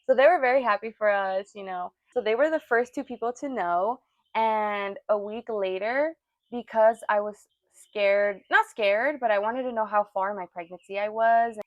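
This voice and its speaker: A woman's voice: medium pitch, normal speed, no echo, dull audio. A young woman co-hosting a podcast, telling stories in casual chat and acting out what everyone said. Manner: animated storytelling, acts out quotes. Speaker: podcast co-host.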